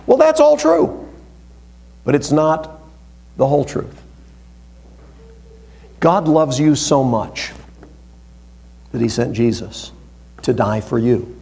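A man preaching a sermon to his congregation. He reads scripture aloud with emphasis and swings between loud, stressed phrases and hushed, low asides. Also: expressive, slow pace, gravelly, long pauses. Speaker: pastor.

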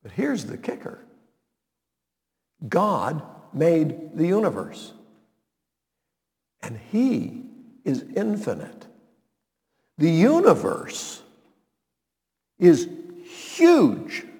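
A man's voice: a little high, wildly swooping pitch, extremely slow, long pauses, a little mellow, big-room sound. A man preaching a radio sermon as pastor, emphatic and asking the listeners rhetorical questions.

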